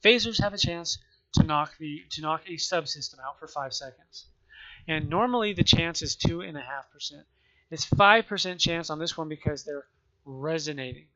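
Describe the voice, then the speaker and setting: A man with the hiccups explaining gameplay in a rambling, halting way, often restarting and correcting himself. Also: fairly high pitch, pushed and bright. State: has the hiccups. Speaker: gaming video creator. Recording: muffled lo-fi mic.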